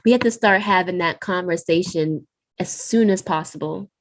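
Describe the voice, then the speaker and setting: A woman's voice: on the low side, normal speed. A woman co-hosting a podcast in casual conversation, earnest and urging, with a few restarts. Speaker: podcast co-host.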